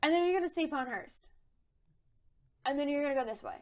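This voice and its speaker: A woman co-hosting a podcast, telling rambling, animated anecdotes in casual chat. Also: high voice, fast talker. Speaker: podcast co-host.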